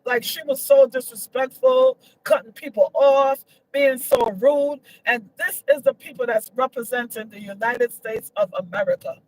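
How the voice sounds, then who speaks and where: High-voiced indignant woman vlogger. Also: normal speed, few pauses, soft background music, rough recording. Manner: emphatic, repetitive, voice jumps high when indignant. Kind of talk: casual opinion vlog.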